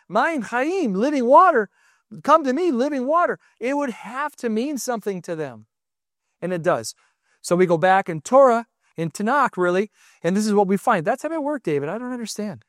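A middle-aged man teaching a sermon in an animated way, often restarting and repeating words and raising his voice for quoted lines. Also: extremely high pitch, no echo, studio quality.

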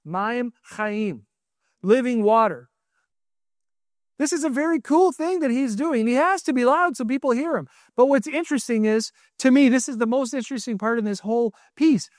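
High-voiced man preaching animatedly. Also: moderate pace, no echo, studio quality. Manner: animated, restarts and repeats words, raises voice for quotes. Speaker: teacher. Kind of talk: sermon.

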